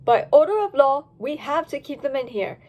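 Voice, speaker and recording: A stern, suspicious female guard dog, as a woman puts her on, loud and laying down the rules. The voice is high but hard-edged and lively. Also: moderate pace, dull audio.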